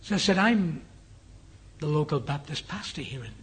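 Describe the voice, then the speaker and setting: An older English preacher delivers a sermon with a husky, slightly breathy voice that sits a little high for a man. He speaks earnestly and often sinks into a hushed, whispered tone. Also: lively intonation, moderate pace. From England. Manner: earnest, drops to a hushed whisper for the dying man's words. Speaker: guest preacher. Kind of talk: sermon with a personal story.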